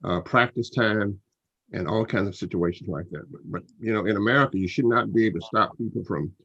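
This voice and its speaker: Husky man from Louisiana, rambling. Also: on the low side, a little fast, sharp tone, muffled recording. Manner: rambling, fatherly, many restarts. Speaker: panelist. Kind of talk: panel discussion.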